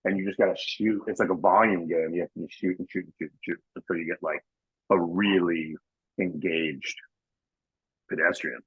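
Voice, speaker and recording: Low husky man telling wild stories. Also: moderate pace, dry recording, muffled recording. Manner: animated storyteller, acts out quoted people in high voices. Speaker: comedian and prank show host, guest. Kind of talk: casual interview anecdotes. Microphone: video call.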